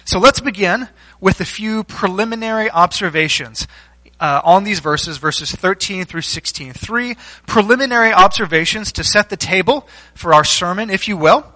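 Bright-voiced preacher giving a measured sermon. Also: male voice, high voice, poor audio. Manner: structured teaching with rhetorical questions and deliberate pauses. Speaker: pastor.

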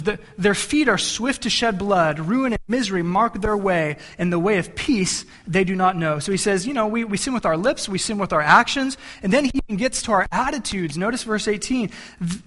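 A man's voice: sits high, fairly bright tone. A male pastor preaching a sermon in a conversational, storytelling way, with frequent restarts and asides to the congregation. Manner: many restarts and repeated words.

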